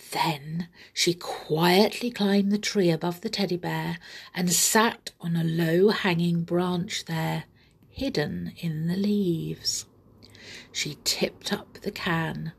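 A woman reading a children's story aloud, telling it gently and sometimes dropping into soft whispers. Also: fairly low pitch, creaky, husky.

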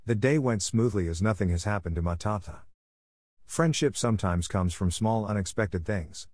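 A man reading a story aloud in a measured, slightly halting way. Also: fairly low pitch, darkish tone, no echo, clean studio sound.

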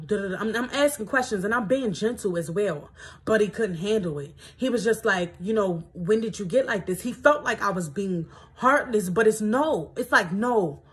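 A young woman with a D.C. talks on her podcast in a loose, rambling, reflective way, full of fillers. Her voice is husky and a little breathy, at a middle pitch for a woman. She drifts between her own life and lines she reads from a book. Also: a bit bright. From Washington, D.C. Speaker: podcast host. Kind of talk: casual personal reflection, reading from a self-help book.

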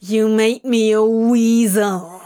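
A woman's voice: a little high, fairly even intonation, slow pace, clean tone. A woman doing a furious male demon. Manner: snapping, shouting in rage. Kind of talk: audiobook fanfic reading.

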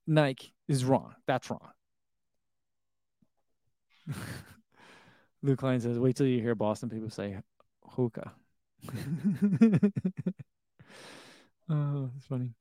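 A man's voice: mid-range voice, expressive, measured pace, long pauses, warm tone, no room sound, clean studio sound. A man in his thirties chatting casually on a live stream, reading viewer comments aloud, rambling and chuckling. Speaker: running shoe vlogger reading live chat.

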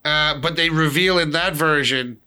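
A man hosting a casual chat, animated and swearing, acting out movie lines as he talks. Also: on the high side, normal speed, clean tone.

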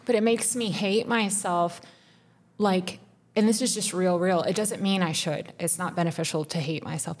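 A woman co-hosting a podcast, pouring out a raw, intense personal confession with frequent swearing. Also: lowish voice. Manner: raw, intense, profane, rising to tearful. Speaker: podcast co-host.

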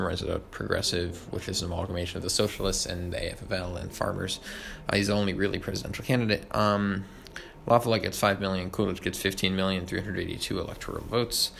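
A young man reviewing history fast, with lots of ums and uhs, over faint background noise. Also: low-pitched, creaky. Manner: quick, with many ums and uhs. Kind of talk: rapid study review.

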